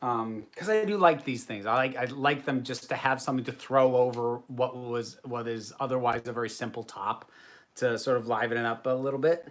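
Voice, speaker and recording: A man's voice: medium pitch, fairly quick. Chatty self-deprecating livestream host, man. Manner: chatty, self-deprecating, answers viewer comments. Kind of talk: casual livestream chat.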